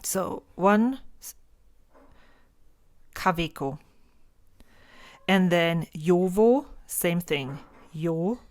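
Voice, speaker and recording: German-accented woman in her 40s, slow teacherly vlog talk, lowish voice, dry close sound. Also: lively intonation, darkish tone, dry recording. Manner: teacherly, sounding out words slowly. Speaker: stationery vlogger. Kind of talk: casual explanatory vlog.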